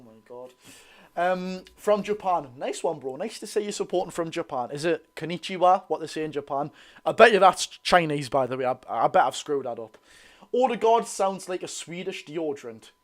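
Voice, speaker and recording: A young man with a Geordie accent giving excitable, bantering live commentary on a football match while reading out viewer comments. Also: a little high. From North East England. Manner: excitable, banter-filled, reads chat aloud. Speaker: football channel host.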